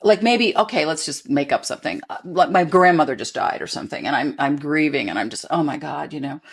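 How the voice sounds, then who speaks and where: A woman, a guest expert on attachment, talking in a conversational interview and acting out gentle example dialogue. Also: low voice, animated, a little fast, husky. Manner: thoughtful, acts out example dialogue warmly.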